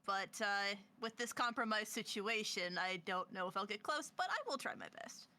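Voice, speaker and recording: A woman's voice: mid-range voice, animated, normal speed, pushed and bright. A woman in casual tabletop role-play, dry and aloof in character. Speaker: player.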